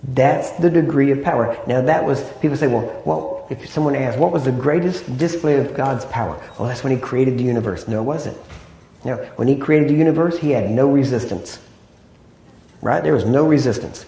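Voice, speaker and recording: Mellow-voiced man preaching in an echoey room. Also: medium pitch, normal speed, creaky. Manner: conversational, seeks agreement with "Amen?" and "right?". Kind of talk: sermon.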